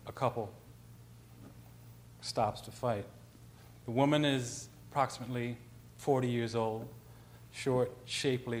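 Animated male storyteller giving a talk. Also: mid-range voice, a little hiss or hum. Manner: conversational, animated storyteller with restarts. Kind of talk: lecture with storytelling.

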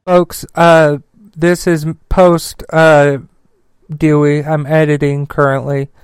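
A man's voice: a little high, little pitch movement, slow pace, clear, resonant tone, dry recording. A man hosting a political commentary show, delivering an angry, profane rant full of "uh"s. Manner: filler-heavy.

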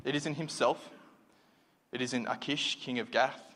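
A man delivers a sermon in a talky, reflective way, often pausing and restarting his sentences. His voice sits at an ordinary middle pitch. It echoes with a long reverb through a church hall. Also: steady tone, a bit bright. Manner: conversational, reflective, with many fillers and restarts. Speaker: preacher.

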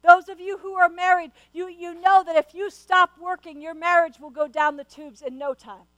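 A woman preacher with a strikingly high voice delivers an earnest sermon. She questions her listeners directly and often restarts her phrases with stammers. The sound is close and dry. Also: steady tone, moderate pace, fairly bright tone, no echo, rough recording.

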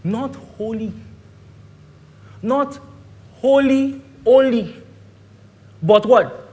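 A man with a Nigerian English accent preaching a sermon, swinging from loud declarations to hushed asides and asking the congregation rhetorical questions. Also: extremely high pitch, extremely slow, long pauses.

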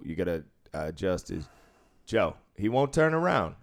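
A man's voice: deep voice, sing-song, normal speed. A man who deals craps, telling a casual, profanity-laced story about work and laughing as he goes. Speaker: casino craps dealer.

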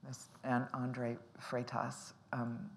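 A woman's voice: extremely low pitch, completely flat delivery, takes it slowly, vocal fry, slight background noise. A middle-aged actress talking casually in an interview, rambling and restarting her sentences, often laughing.

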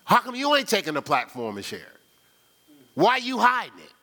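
Male pastor, sermon, high animated delivery, colloquial call-and-response style. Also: a little fast. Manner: call-and-response, asks "right?"; conversational, colloquial.

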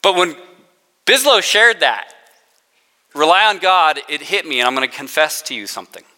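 A man's voice: a little high, very animated, fairly quick, bright, forceful tone. A man giving a casual, self-deprecating sermon to students as their spiritual formation director, mixing in playful sarcasm and acted-out quotes. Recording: long hall reverb.

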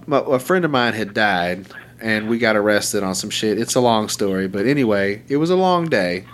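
A man's voice: on the low side, a little hiss or hum. A man in casual podcast chat, telling a rambling, profane story.

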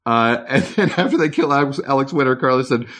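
A man's voice: mid-range voice, fast, fairly bright tone. Wry man chatting about movies. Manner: wry, laughs often. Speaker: podcast co-host. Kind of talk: casual movie chat.

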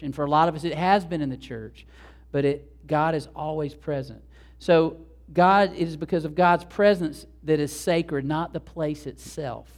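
A man preaching a sermon, conversational and animated, talking straight to the congregation. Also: on the high side. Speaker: pastor.

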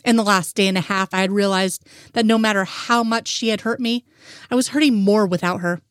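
Woman narrator, brisk even read-aloud, dry close mic. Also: mid-range voice, smooth, dry recording. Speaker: story reader. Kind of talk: reading romantic fan fiction aloud.

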